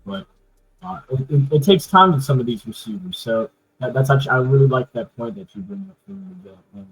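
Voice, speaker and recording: Male sports podcast host, husky voice, rambling casual delivery. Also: medium pitch, animated, fairly quick, low-quality recording. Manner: loose, rambling, many fillers.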